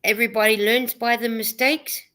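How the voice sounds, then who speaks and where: A woman's voice: on the high side, steady tone, moderate pace, bright, forceful tone. A woman co-hosting a casual livestream chat, reading viewers' comments aloud and laughing often.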